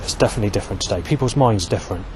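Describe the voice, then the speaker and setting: A man's voice: on the low side, very fast, a little mellow. A middle-aged man talking in a meandering monologue, restarting and swearing often. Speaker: vlogger. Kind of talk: rambling monologue. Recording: outdoor street and traffic noise.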